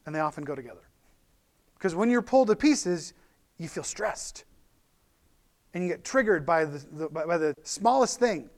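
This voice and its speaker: A man with a notably high voice preaches a sermon in a relaxed, conversational way. He talks animatedly, often restarting his sentences and filling pauses as he goes. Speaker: pastor.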